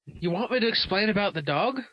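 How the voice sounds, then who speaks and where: A young man improvising as a talk show guest in a put-on English-Australian accent, rambling and filling every pause with "you know", recorded in a parked car. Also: high-pitched, animated, no room sound, lo-fi sound. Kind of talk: improvised comedy sketch.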